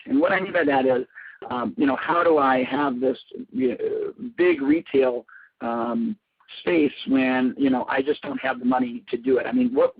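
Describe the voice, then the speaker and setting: Male interviewer, easygoing, gravelly, tinny phone line. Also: mid-range voice, dry recording. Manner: easygoing, laughs between questions. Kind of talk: audio interview, conversational.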